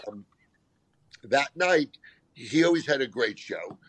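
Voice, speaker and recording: A man's voice: medium pitch, expressive, takes it slowly, a bit bright, husky, no echo. A man in casual conversation, a guest comedian telling rambling, self-deprecating anecdotes with frequent restarts. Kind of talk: casual storytelling chat.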